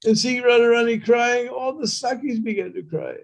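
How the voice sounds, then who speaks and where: A man's voice: very high-pitched, normal speed, creaky. A man preaching a storytelling sermon, talking conversationally and prompting listeners with "hmm?" and "huh?".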